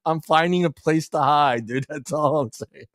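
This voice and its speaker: A fairly high-voiced man hosts a loose chat show, rambling from one thought to the next and swearing without a second thought. The sound is dry and close, with no room in it. He laughs through his own lines. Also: normal speed, dry recording. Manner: rambling, profane, laughs often. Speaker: host. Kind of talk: casual chat.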